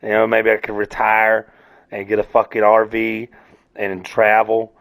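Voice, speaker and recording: A man's voice: fairly low pitch, completely flat delivery, a little slow, a bit bright. A man hosting a casual solo rant, rambling and swearing freely, laughing at himself. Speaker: podcast host.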